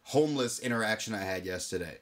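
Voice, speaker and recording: A man's voice: lowish voice, animated, quick pace. A man co-hosting a podcast in casual chat, wisecracking and cracking crude jokes. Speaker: podcast co-host.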